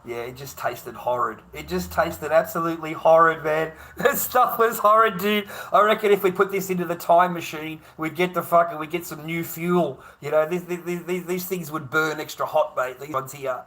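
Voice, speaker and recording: A man's voice: a little high, fairly even intonation, normal speed, hardly any pauses, a bit bright. An Australian man hosting a livestream, rambling and chatting to viewers, swearing freely, laughing often and calling everyone mate. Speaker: livestream host. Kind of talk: rambling live-stream chat.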